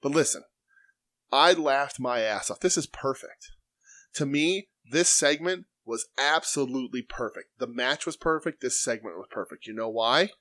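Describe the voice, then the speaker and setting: A man's voice: mid-range voice, moderate pace, fairly bright tone, dry recording. Profane, mocking male podcast host. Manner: profane, mocking, laughs often. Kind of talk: casual chat.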